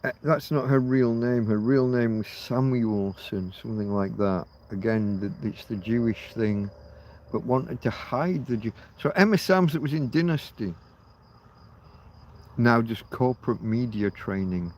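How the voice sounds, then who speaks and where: A man's voice: mid-range voice, unhurried, darkish tone, a little hiss or hum. A middle-aged man hosting a casual livestream outdoors at night. He rambles, muses aloud and swears offhandedly. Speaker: livestream host.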